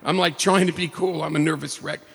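A man telling a personal story live, with an animated, excitable delivery. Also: fairly high pitch, a little fast, vocal fry, breathy edge. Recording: long reverb of a hall.

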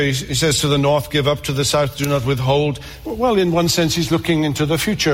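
A man's voice: fairly high pitch, in a large hall. A man preaching a sermon with passion, repeating words and climbing to emphatic peaks.

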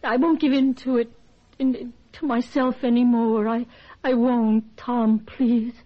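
A woman's voice: fairly high pitch, level tone, slow pace. An actress playing a wife who pleads with her husband and stammers defensively, in a vintage-style drama. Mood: pleading. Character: pleading wife who can't keep secrets. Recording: dull lo-fi audio.

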